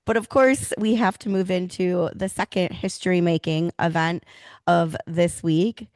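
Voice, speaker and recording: A woman's voice: lowish voice, fairly even intonation, measured pace, a little mellow, no echo. A woman co-hosting a casual hockey podcast, upbeat and steering the talk with questions. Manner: upbeat, leads the conversation with questions. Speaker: co-host.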